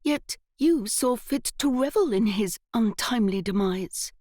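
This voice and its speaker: A woman's voice: a little high, animated, unhurried, mellow, no echo, clean studio sound, pitched above the performer's own voice. A woman voicing a severe young aristocratic lady speaking haughtily. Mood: cutting.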